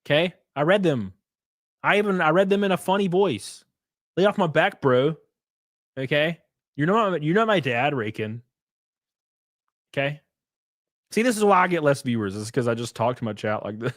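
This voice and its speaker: A man's voice: a little high, expressive, normal speed, long pauses, dry recording, studio quality. Brash, profane male streamer. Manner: brash, profane, teasing his chat. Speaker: live streamer. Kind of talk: casual reaction stream chat.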